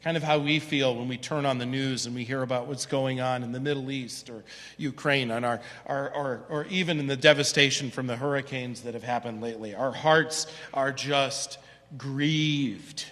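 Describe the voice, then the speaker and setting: A man's voice: medium pitch, steady tone, normal speed, fairly bright tone, in a large hall. A man preaching a sermon as pastor, in a conversational way, often checking in with "right?". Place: church sanctuary.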